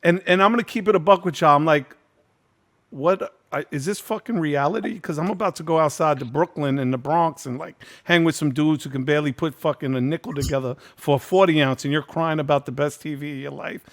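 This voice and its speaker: A man's voice: fairly high pitch, fairly even intonation, fast, hardly any pauses. A man in his fifties hosting a casual video-call reunion, telling a candid, profane story and acting out what people said. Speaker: host.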